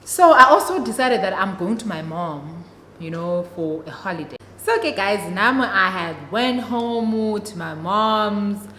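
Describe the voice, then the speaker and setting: A young South African woman whose first language is isiXhosa tells a dramatic story-time tale and keeps talking straight to her viewers. Her voice is bright and crisp. It rings in an echoey room with a long reverb and faint noise behind it. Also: medium pitch, animated, measured pace. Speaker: vlogger.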